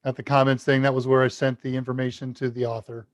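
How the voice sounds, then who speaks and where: A man with a medium-pitched, fairly flat voice talks fast on a live tech Q&A stream with no echo. Chatty and rambling, he talks to chat while working at his computer, and his desk mic's level jumps as he leans toward and away from it.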